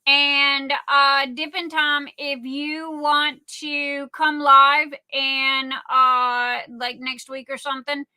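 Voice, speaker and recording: Chatty Southern woman, high and unhurried. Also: little pitch movement, bright, forceful tone, no room sound. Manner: rambling, chatty, greets viewers with endearments. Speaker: livestream host. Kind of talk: casual livestream chat.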